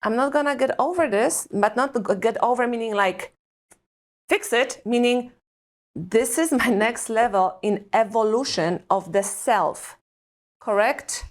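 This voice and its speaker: Earnest woman, high voice. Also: unhurried. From Eastern Europe. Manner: earnest, emphatic, full of rhetorical questions. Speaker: guest, conscious parenting coach. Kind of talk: reflective podcast interview talk.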